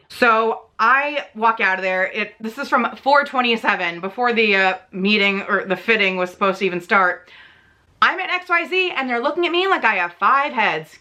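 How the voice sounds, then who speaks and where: A woman vlogger tells a storytime rant about a bad week, exasperated and in pain, using lots of "like" and some swearing. Her voice is on the high side, pushed and bright, at a moderate pace.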